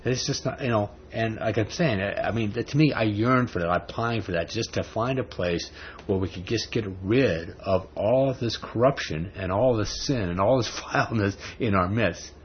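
A man with a lowish voice delivers a sermon in an easy, conversational way, pressing his points with emphatic rhetorical questions. The recording is dull and lo-fi, with a faint hiss of background noise underneath. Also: moderate pace. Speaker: preacher.

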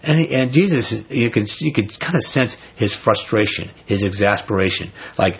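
A man preaching, reading scripture and then explaining it in a conversational, emphatic way, rising into animated paraphrase. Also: on the low side, moderate pace, hardly any pauses, slightly rough. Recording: dull lo-fi recording.

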